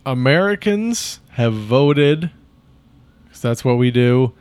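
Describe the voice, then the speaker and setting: A man's voice: medium pitch, lively intonation, slow pace, darkish tone, smooth, no echo. A man, a comedian co-hosting a podcast, bantering bluntly and profanely. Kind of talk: casual banter.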